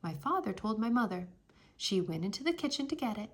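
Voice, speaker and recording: A woman reading a children's chapter book aloud in an expressive storytelling way. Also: medium pitch, fairly quick.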